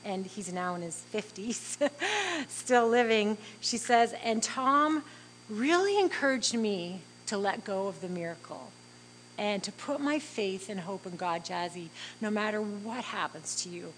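A middle-aged woman recounts a personal story in an earnest, heartfelt way. She talks at a mid pitch, pauses often with fillers, and speaks over a faint background hum. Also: animated, rough recording. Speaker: interviewee.

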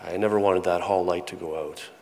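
Pastor preaching in a reverberant hall. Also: male voice, sits low, fairly even intonation, fairly quick. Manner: earnest, repeats words, drops to soft hushed tones. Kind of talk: sermon. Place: church sanctuary with a congregation. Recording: long reverb of a large hall.

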